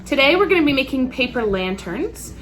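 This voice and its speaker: A woman giving a casual, step-by-step craft tutorial in a relaxed, chatty way. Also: sits high, a little fast. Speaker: crafts instructor.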